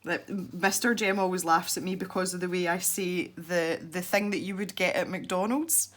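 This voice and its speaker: Scottish woman, art channel host, low pitch, casual tutorial chat, rambling, laughs easily. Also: steady tone, moderate pace, a bit bright. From Scotland.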